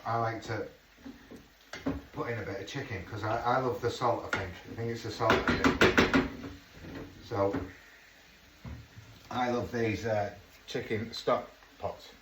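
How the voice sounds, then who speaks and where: A middle-aged man chatting casually as he cooks at home, swearing under his breath now and then. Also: medium pitch. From England. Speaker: home cook. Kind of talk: casual cooking vlog chat. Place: home kitchen. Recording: echoey kitchen, far from mic, noisy.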